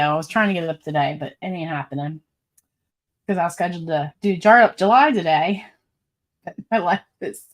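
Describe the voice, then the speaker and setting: Chatty woman host with a lowish voice. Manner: chatty and rambling, laughs often. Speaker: livestream host. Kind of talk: casual live-stream chat, reading viewer comments.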